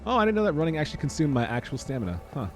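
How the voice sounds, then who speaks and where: A man's voice: a little high, big pitch swings, very fast. A man streaming a video game, chatting casually and mocking himself as he plays. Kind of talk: casual gameplay commentary.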